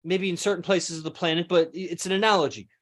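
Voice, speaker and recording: A man with a slightly high-pitched voice talks through ideas in a loose, meandering monologue. He swears without a second thought and often trips over his words, then starts the sentence again. It sounds like an easygoing podcast host thinking aloud. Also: fairly even intonation, fast, fairly bright tone. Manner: rambling, swears freely, self-correcting. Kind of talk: casual philosophical monologue.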